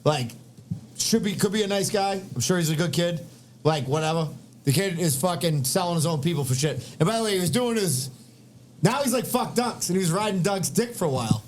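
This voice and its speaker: A podcast host rants in casual, profane chat. His voice sits high and swoops widely. Faint noise hangs behind him. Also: fairly quick. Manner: animated, profane, rambling ranting.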